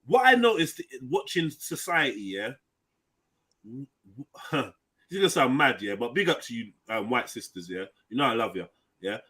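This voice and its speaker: A man hosting a casual panel chat, animated and mocking. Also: medium pitch, normal speed, husky.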